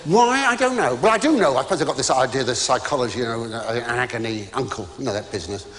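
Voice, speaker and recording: A man's voice: mid-range voice, animated, fast, fairly bright tone. An older man doing live stand-up comedy, chatty and stammering, with exclamatory asides to a student audience. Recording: reverberant hall with audience.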